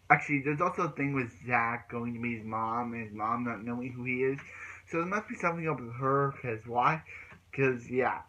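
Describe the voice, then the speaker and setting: A man's voice: mid-range voice, fairly quick, bright, forceful tone, muffled recording. A man recapping a TV episode in a casual, rambling way, restarting his sentences often. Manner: rambling retelling with many restarts. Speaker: TV show reviewer.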